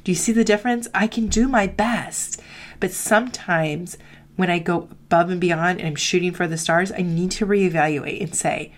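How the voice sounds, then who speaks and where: A woman's voice: lowish voice, moderate pace. A middle-aged woman who coaches marketing students, speaking candidly in a heartfelt motivational talk, with a lot of "like" in her speech. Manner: candid, confessional, frequent "like", acts out quoted voices.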